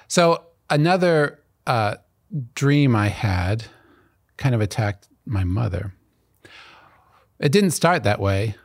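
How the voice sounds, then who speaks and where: A man's voice: lowish voice, a little mellow, dry recording, studio quality. A man in his fifties from Arizona, hosting and earnestly telling his own childhood nightmares, livening up as he retells each scene. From Arizona, USA. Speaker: host. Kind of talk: reflective personal storytelling. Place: college campus.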